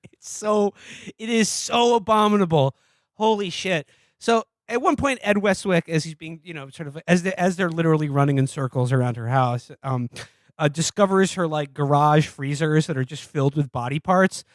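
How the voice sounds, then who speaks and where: Man, podcast co-host. Rambling, profane, sardonic; slightly high voice, dry close sound. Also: moderate pace, no echo. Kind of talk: casual comedic film review chat.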